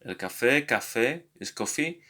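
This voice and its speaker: A man's voice: mid-range voice, animated, moderate pace, sharp tone. Hesitant man teaching a language lesson. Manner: hesitant, many fillers and restarts. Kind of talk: casual spoken lesson.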